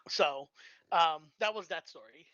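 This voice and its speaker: A bright-toned storyteller on a live stream, trading in casual anecdotes with lots of halting restarts. The voice sits dry and close, but the audio is dull and lo-fi. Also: mid-range voice, dry recording. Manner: halting, many fillers and restarts.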